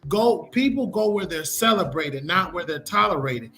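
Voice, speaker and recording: A man with a high, bright voice lectures on a podcast, repeating his points for emphasis. His delivery is emphatic and preachy, and faint music plays under him. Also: expressive, moderate pace. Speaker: podcast co-host. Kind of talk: casual debate.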